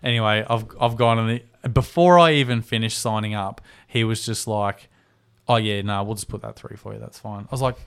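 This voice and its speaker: A man's voice: fairly low pitch, fairly quick, vocal fry, hardly any pauses, clean tone. A man in his thirties, a podcast co-host, telling a story casually, swearing freely and acting out the people he quotes. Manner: animated, swears freely, acts out quoted voices.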